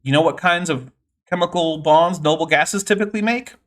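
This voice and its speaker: A man's voice: fairly high pitch, a little fast, fairly bright tone. A man hosting a livestream, explaining science in a casual, nerdy way with many fillers. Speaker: host.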